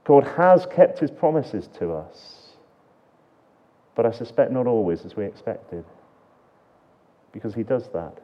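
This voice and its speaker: A man preaching a sermon, earnest and full of rhetorical questions, swinging between emphatic lines and hushed ones. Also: lowish voice, dull audio.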